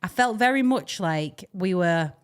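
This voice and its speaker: A young woman chats casually as a podcast co-host. She rambles, laughs often and speaks in a slightly low voice. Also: animated, a little slow, smooth. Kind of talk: casual chat.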